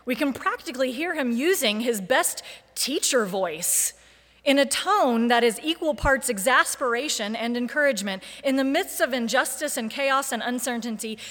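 A woman preacher giving a sermon, with a measured, deliberate delivery and emphatic lists. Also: sits high, animated, a bit bright, big-room sound.

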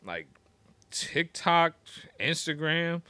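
A man's voice: fairly high pitch, expressive, drawn-out words, bright, forceful tone, smooth, no echo. A young man co-hosting a podcast in loose, profane casual chat, laughing often. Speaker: podcast co-host.

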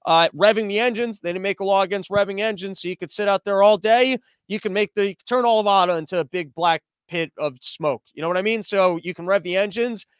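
A man hosts a comedy podcast, riffing sarcastically and often restarting his sentences. His voice sits high and sounds clean and resonant. The recording is dry, with almost no room sound. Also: a little fast, few pauses, smooth, no room sound. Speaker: podcast host. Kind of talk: comedic commentary on a livestreamed podcast. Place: small room that is not soundproofed.

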